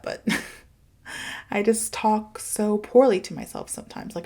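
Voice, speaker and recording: A woman's voice: on the high side, expressive, normal speed, darkish tone. A woman in her thirties from the United States, hosting a podcast and speaking candidly in a confiding, casual way, with lots of "like" and "you know". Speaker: podcast host and English teacher.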